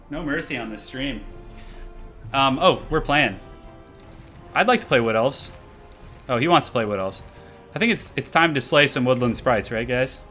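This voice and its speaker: A man's voice: mid-range voice, pushed and bright. A man doing casual live-stream commentary over a game from a room at home, chatty and repeating his phrases as he answers chat.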